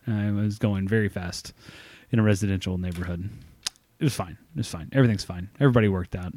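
A man's voice: lowish voice, fairly even intonation, fast talker, a little mellow, no room sound. A man in his thirties, co-hosting a podcast, telling a long self-mocking story with lots of swearing and laughter. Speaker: podcast co-host. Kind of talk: casual storytelling chat.

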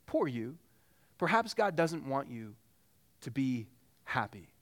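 A man's voice: mid-range voice, sing-song, slow pace. A man voicing a sly male serpent in a storybook reading, coaxing and insinuating.

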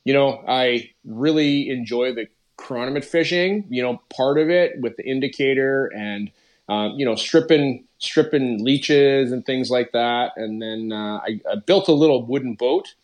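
A man's voice: medium pitch, moderate pace. A middle-aged man, a podcast guest talking casually and rambling with many fillers. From Canada. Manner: rambling, lots of "you know" and "like" fillers. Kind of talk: casual conversational interview.

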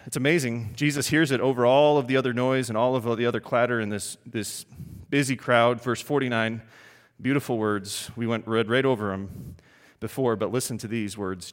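A man's voice: mid-range voice, moderate pace. Emphatic male preacher in a reverberant hall. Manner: animated, emphatic, asks the congregation questions. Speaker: pastor. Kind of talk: sermon.

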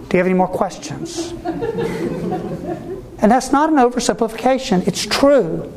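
A man who is a Catholic priest, giving a sermon-style talk to ministry workers in an animated way, acting out the voices he quotes and often asking listeners whether they follow. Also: sits high, moderate pace, pauses often, a crowd in the background. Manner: asks the audience for agreement.

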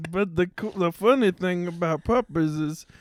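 A man's voice: high-pitched, dry recording. A man voicing an awkward male stand-up comedian who keeps stumbling over "uh" in an improvised podcast bit. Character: bumbling male stand-up comic, awkward and corny.

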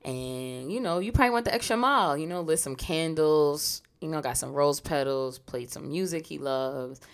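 A woman's voice: deep voice, normal speed. A woman co-hosting a podcast in casual, frank chat, often saying "you know" and laughing easily. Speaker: podcast co-host.

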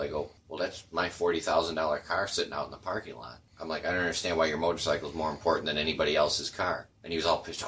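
A man's voice: rumbling low, fairly even intonation, fast talker, hardly any pauses, a bit bright. A man co-hosting a podcast in casual chat, ranting bluntly with lots of swearing. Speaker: podcast co-host.

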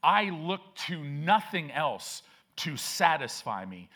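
A man's voice: a little high, sing-song, slow, sharp tone. A man preaching a sermon as pastor, emphatic and repetitive, with frequent restarts.

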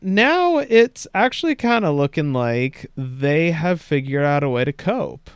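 A man's voice: on the high side, sing-song, a little slow, clean tone, dry recording, clean studio sound. A man co-hosting a podcast, chatting casually and sardonically about the news and swearing freely. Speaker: podcast co-host. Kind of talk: casual news commentary chat.

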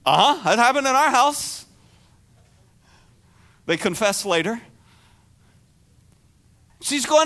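A male pastor delivers a sermon in a high, bright voice. He talks slowly and unhurriedly but with a lively, swooping pitch. He acts out the words of the people he preaches about.

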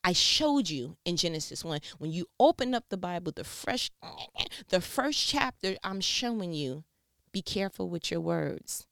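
A woman's voice: fairly low pitch, big pitch swings, moderate pace, gravelly, a bit bright, dry recording, clean studio sound, exaggerated voice. God as a weary, slangy scolder voiced by a woman. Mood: exasperated. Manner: laid-back slangy scolding. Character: God as a casual, exasperated male speaker.

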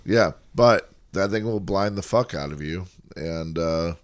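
A man's voice: low voice, a little slow, no echo, clean studio sound. A man co-hosting a podcast, telling stories in casual, profane chat. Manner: profane, animated storyteller. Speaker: podcast co-host.

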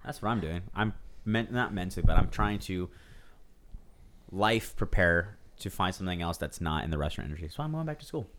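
A man's voice: sits low, animated, brisk, a bit bright, slight background noise. A man in casual chat, telling stories animatedly and acting out quoted lines with teasing humour. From San Diego area.

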